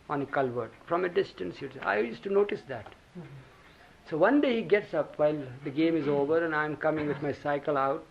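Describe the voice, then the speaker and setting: Chuckling as he goes, an older man with an Indian English accent tells animated stories from memory, acting out the quotes in casual talk. His gravelly voice is fairly high in pitch, preserved on a dull, hissy lo-fi 1980 tape.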